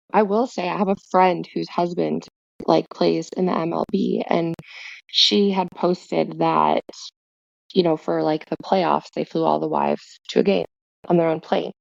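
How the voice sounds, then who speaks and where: A woman guest in a casual podcast chat, telling stories with lively asides. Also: low voice, a little slow, vocal fry, no echo. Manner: chatty storyteller, lively asides. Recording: dull, dry lo-fi sound.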